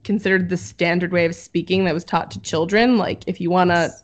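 A woman's voice: lowish voice, steady tone, fairly quick. Woman explaining research on a podcast. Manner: explanatory, reads from notes with fillers. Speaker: podcast host presenting research. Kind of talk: casual podcast chat. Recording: dull lo-fi audio.

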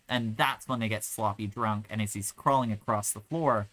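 A woman co-hosting a podcast who recaps a film in casual chat, telling it in an animated way, acting out quotes and laughing often. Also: rumbling low, normal speed, no echo, low-quality recording. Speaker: podcast co-host.

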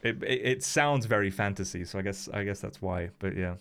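A man's voice: lowish voice, a little fast, a bit bright, clear, resonant tone. A young man hosting a casual chat, rambling and hedging with lots of fillers and restarts. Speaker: podcast host.

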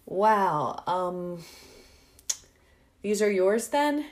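A woman's voice: mid-range voice, animated, very slow, darkish tone. A woman voicing a flustered, charming young male college student who is apologetic and bashful, in a read-aloud story.

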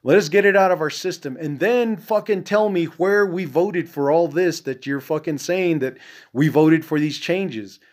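A man's voice: fairly high pitch, moderate pace, a little mellow. A man hosting a podcast in an angry, profane, rambling monologue, full of "you know" fillers, his voice dropping and trailing off at the ends of phrases. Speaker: podcast host. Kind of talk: casual monologue.

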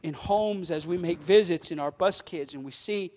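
A pastor with a high-pitched voice, well above the usual male range, preaches a sermon at a moderate pace. He rises to loud, fervent declarations, then drops into soft, earnest asides to the congregation.

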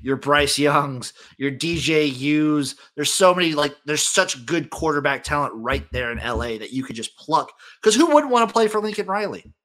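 A man co-hosts a sports talk show with a fairly high, bright voice. He is laid-back but blunt, dropping swear words casually as he backs his opinions. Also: animated, moderate pace, hardly any pauses. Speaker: podcast co-host.

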